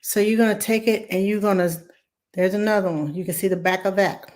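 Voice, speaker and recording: A woman, hoarse from laryngitis, chatting warmly as she hosts a live cooking demo and greets viewers by name. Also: mid-range voice, fairly even intonation, a little fast. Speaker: cooking show host.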